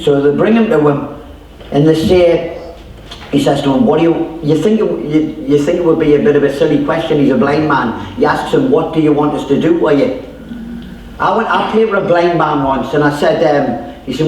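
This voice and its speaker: A man's voice: on the high side, normal speed, a little mellow, slight background noise. A man with a Geordie accent giving a chatty, informal testimony sermon, telling stories and acting out voices. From North East England. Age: 30s or older. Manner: chatty storytelling, acts out voices, many fillers. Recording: echoey room, distant mic.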